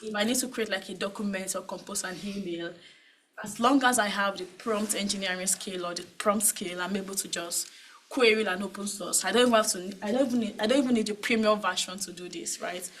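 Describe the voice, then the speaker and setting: A woman's voice: medium pitch, brisk, slight background noise, poor audio. A woman with a Nigerian accent speaks at a conference panel in a mid-range voice. She talks casually, with plenty of "right?" and "um" as she explains her points. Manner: conversational, many tag questions and fillers. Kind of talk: conference talk.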